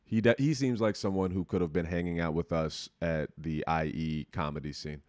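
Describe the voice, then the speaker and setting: Young man, podcast host, very deep voice, dry close sound, casual rambling chat, profane. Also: fairly even intonation, moderate pace, a little mellow, dry recording.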